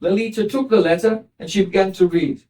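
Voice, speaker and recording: High warm-voiced man teaching a scripture story, gentle, mic kinda far off. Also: a little fast. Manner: gentle, explanatory storytelling with soft laughs. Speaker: spiritual teacher. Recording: voice distant from the mic.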